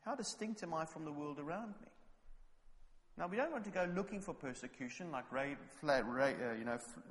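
A man from England preaching a sermon, telling anecdotes and building up to loud, fervent exhortation. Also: on the high side, expressive, a little fast, big-room sound.

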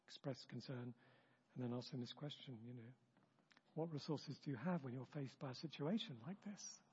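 A man with a husky voice leading a church training session in a chatty, self-interrupting way, acting out example remarks. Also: mid-range voice, moderate pace, a little mellow. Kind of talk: informal teaching talk. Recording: dull, long-reverb room recording.

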